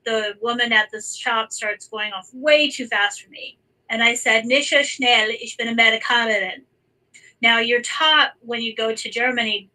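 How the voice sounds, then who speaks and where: An American woman hosting a live online chat, talking in a chatty, halting way with many restarts. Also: on the high side, bright, forceful tone, far from the mic, poor audio. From United States. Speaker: host.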